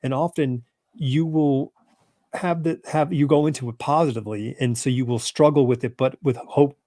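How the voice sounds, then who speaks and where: A man's voice: medium pitch, fairly even intonation, moderate pace, warm tone, dry recording, studio quality. A man hosting a casual podcast chat, telling stories with bursts of emphasis and frequent restarts. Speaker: podcast host.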